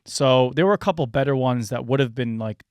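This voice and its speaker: A man's voice: mid-range voice, fairly quick, no echo, studio quality. A man in his thirties hosting a podcast in casual chat, rambling and loose, full of filler words and casual swearing. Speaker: podcast host.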